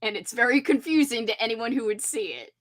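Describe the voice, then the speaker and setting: A woman's voice: fairly high pitch, lively intonation, a little fast. A woman hosting a casual livestream chat, giggling and acting out lines from a book she is reading. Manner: chatty, giggly, acts out book characters. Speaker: host.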